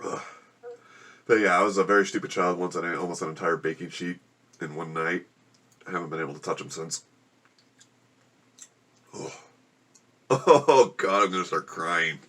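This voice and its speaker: A man with a somewhat low voice talks casually to the camera from his room at home. He groans and complains as he struggles through a very spicy meal. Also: moderate pace, pauses often, a bit bright. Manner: groaning and complaining while eating spicy food. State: suffering from spicy food. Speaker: vlogger. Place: home room with a gecko habitat.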